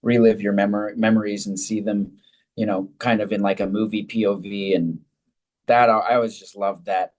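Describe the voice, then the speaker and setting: A man's voice: fairly low pitch, flat delivery, moderate pace, a little mellow. A man actor in a casual interview, talking in a rambling, easygoing way with frequent restarts.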